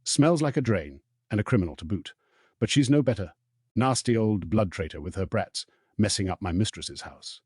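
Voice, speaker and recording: A man voicing a bitter old male house elf who mutters resentfully in a hoarse, croaking voice. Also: lowish voice, expressive, normal speed, darkish tone, no echo, clean studio sound. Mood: muttering. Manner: resentful grumbling under breath.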